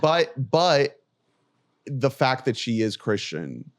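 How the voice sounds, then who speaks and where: A man's voice: medium pitch, big pitch swings, slow, dry recording, studio quality. A man co-hosting a film podcast, thinking aloud hesitantly and trailing off. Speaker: podcast co-host. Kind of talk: casual film discussion.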